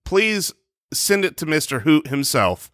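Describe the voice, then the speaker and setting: A man co-hosting a comedy podcast, telling deadpan tall tales in casual banter on a close studio mic. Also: fairly high pitch, unhurried, dry recording. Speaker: podcast co-host.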